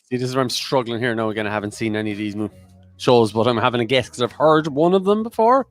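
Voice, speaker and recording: A man's voice: medium pitch, expressive, fast talker. A man co-hosting a casual quiz, guessing at answers he is unsure of and laughing easily. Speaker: quiz co-host.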